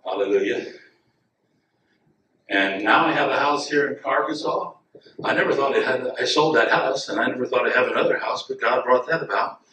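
A man preaching a sermon as a guest preacher, talking to the congregation in an easy way and rising to loud, emphatic lines. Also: medium pitch, normal speed, a little hiss or hum. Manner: chuckles and asides to the congregation. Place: church sanctuary. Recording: echoey church room, mic at a distance.

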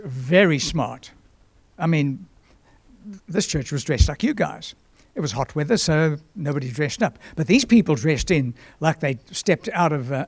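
Older male pastor, slightly high voice, storytelling sermon, frequent throat clearing. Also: a little mellow, no room sound. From South Africa.

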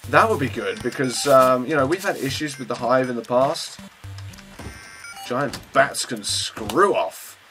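A man giving chatty, self-mocking let's play commentary at his computer, breaking into sudden excited outbursts. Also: medium pitch. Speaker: gaming channel host.

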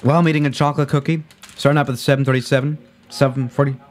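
A man's voice: mid-range voice, fairly even intonation, rapid-fire. A man chatting casually on a live stream while playing a flight simulator, rambling and correcting himself as he goes. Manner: rambling, self-correcting, laid-back.

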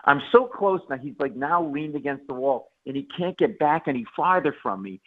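Guy comedian telling a story all animated on a radio interview, phone-line sound. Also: fairly high pitch, normal speed. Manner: animated, acts out quotes and stammers. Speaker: guest comedian. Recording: tinny phone-line audio.

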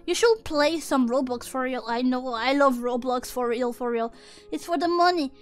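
A woman streaming casual chat to her viewers, playful and excitable, with non-native English phrasing. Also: sits high, moderate pace, faint music behind. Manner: playful, excitable, slips into mock outrage. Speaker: VTuber streamer.

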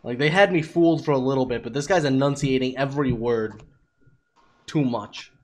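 A man's voice: mid-range voice, moderate pace, a little mellow. A man streaming an online shooter, talking in voice chat in a sarcastic, mocking and bossy way. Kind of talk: in-game voice chat.

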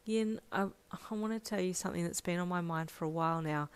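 A woman voicing a shy, earnest teenage boy with sharp teeth, gentle and sometimes stammering. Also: fairly low pitch, brisk, clean tone, close to an everyday voice. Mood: shy, hurt.

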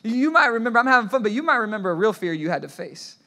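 Bright, high-pitched preacher man. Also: racing. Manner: animated storytelling with repeated restarts; asks the congregation to repeat phrases. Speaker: pastor. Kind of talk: sermon.

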